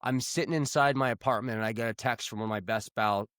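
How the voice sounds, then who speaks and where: A man from the United States co-hosts a podcast in a relaxed, joking way, swearing freely as he tells stories. His voice sits mid-range for a man. The recording is dry and close, with no room sound. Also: mid-range voice, fast, clean tone, no room sound. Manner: joking, profane storyteller. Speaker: podcast co-host. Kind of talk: casual chat.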